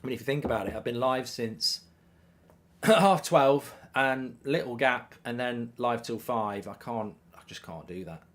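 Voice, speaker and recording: A man with a mid-pitched voice hosts a live football watchalong stream. He sounds excitable and animated, bouncing between reactions to the match and comments from the chat, and often stammers and restarts mid-sentence. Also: unhurried, slight background noise.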